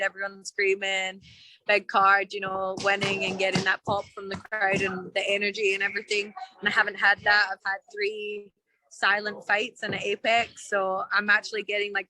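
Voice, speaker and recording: Young woman, Scottish-Australian accent, bright tone, blunt and confident, casual interview guest. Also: medium pitch, no echo, rough recording. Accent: Scottish with Australian mix. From Scotland, raised in Australia. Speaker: UFC fighter guest. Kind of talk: casual interview over a call.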